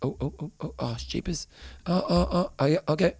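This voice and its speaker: A New man co-hosting a podcast in casual chat, animated and rambling, often breaking into laughs. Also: a little high, brisk, slightly rough, dry recording. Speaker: podcast co-host.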